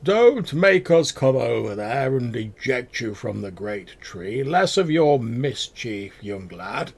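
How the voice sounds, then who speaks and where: A man's voice: mid-range voice, big pitch swings, slow pace, gravelly, slightly rough, voice pushed up, full character voice. A man voicing a stern dwarfish guard who speaks firmly and scolds like an elder. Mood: scolding. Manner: scolding, firm. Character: stern dwarfish tree guard, gruff but fair.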